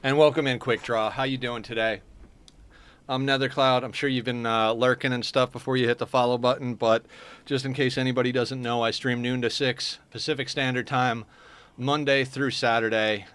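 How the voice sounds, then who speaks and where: A man's voice: medium pitch, level tone, normal speed, a bit bright, smooth. A man streaming a game live, chatting casually and answering his viewers as he plays. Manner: chatty, answers viewer chat while playing.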